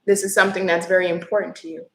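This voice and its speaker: A woman's voice: on the low side, flat delivery, very fast, gravelly, fairly bright tone, reverberant, low-quality recording. A woman giving a live-stream tarot reading, earnest and emotional, with apologetic asides. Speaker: tarot reader.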